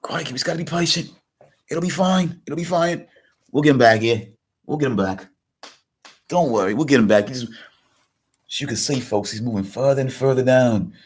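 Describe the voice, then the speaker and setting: An excitable male wildlife-show host, played by a man. He speaks well above his usual deep register, hushed and urgent as he stalks his quarry, and keeps calling the viewers folks. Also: normal speed, long pauses, breathy edge, lightly acted. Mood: hushed excitement.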